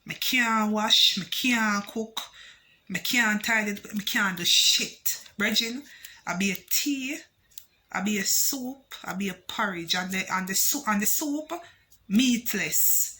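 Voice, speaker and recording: A woman with a Jamaican accent telling a personal story for her vlog, switching between patois and English with animated emphasis. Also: mid-range voice, takes it slowly. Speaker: vlogger.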